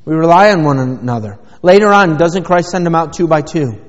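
A man pastor preaches a sermon in a church sanctuary, his voice on the high side and a little fast. He's emphatic, driving home his points with rhetorical questions. The lo-fi recording sounds dull and carries long church reverb.

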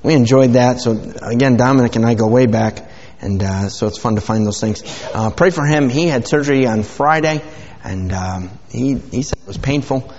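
A middle-aged man preaches in a loose, rambling, folksy way, full of fillers. His voice sits at an ordinary pitch for a man. The recording is dull and lo-fi, with the long reverb of a church hall. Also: normal speed, few pauses, darkish tone. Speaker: pastor. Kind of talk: informal sermon with prayer. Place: church sanctuary.

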